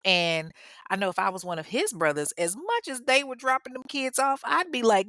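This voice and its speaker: A woman's voice: on the high side, normal speed, fairly bright tone, no echo, studio quality. A woman podcast host telling a true-crime story casually, with sassy, profane, humorous asides.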